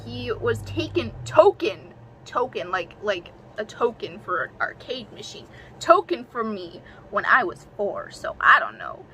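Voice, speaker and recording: A young woman reading aloud a story she wrote as a child, haltingly and with restarts, breaking off for self-mocking, giggly asides. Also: mid-range voice, big pitch swings, sharp tone, a little hiss or hum, poor audio. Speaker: reader of her own childhood story.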